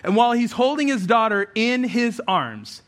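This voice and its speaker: Bright, impassioned male preacher. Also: very high-pitched, sing-song, normal speed. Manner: impassioned, rising to intense appeals; conversational asides with fillers. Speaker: pastor. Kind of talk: sermon.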